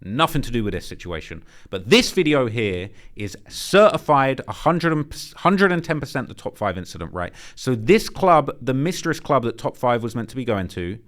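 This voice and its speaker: A man's voice: mid-range voice, normal speed, few pauses. Blunt slangy man reacting to footage. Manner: animated, speculative, slangy and blunt. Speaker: commentary channel host. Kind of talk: crime-footage reaction commentary.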